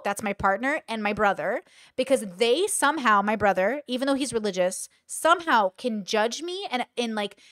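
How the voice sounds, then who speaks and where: A woman's voice: fairly high pitch, fairly bright tone, dry recording, clean studio sound. A woman hosting a casual commentary, talking bluntly and emphatically, swearing freely and acting out other people's quoted lines. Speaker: commentary host.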